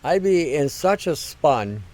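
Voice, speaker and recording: A man hosting his own show, talking in a blunt, crude rant and swearing freely. His voice sits a little high for a man. He sounds middle-aged and combative. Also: very animated, takes it slowly, darkish tone. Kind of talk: blunt ranting monologue.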